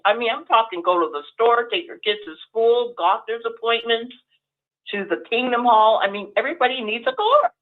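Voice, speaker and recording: A middle-aged woman calls in to tell her story, talking quickly and with feeling. Her voice comes through a tinny, narrow phone line. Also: a little high, animated. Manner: earnest storytelling, quick and emotional. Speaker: former Jehovah's Witness telling her story. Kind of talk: call-in personal testimony.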